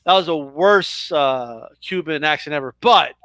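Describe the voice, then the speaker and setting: A man's voice: on the high side, measured pace, a bit bright, clear, resonant tone, no echo. A man co-hosting a casual wrestling talk, laid-back, often adding "bro" and "you know what I mean". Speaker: co-host. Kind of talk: casual chat.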